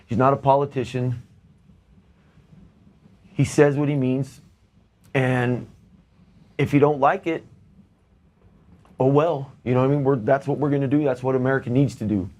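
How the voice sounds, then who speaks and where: A man's voice: medium pitch, fairly even intonation, moderate pace, long pauses, a little mellow. A man speaking as a guest in a casual interview, blunt and plainspoken.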